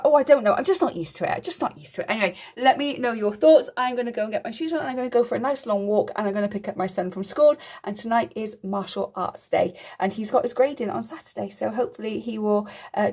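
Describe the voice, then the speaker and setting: Casting note: woman, solo vlogger, reflective and frank, speaks plainly with lots of ums. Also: on the high side. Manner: reflective, candid, many ums and soft trailing-off. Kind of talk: casual vlog talk to camera.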